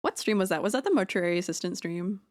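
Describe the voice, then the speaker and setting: A woman's voice: medium pitch, lively intonation, quick pace. A woman streamer talks loosely into a close microphone at home. She rambles, makes jokes at her own expense and swears freely. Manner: rambling, self-deprecating, swears freely, jokey asides. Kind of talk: casual live-stream chat while drawing. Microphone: close streaming mic.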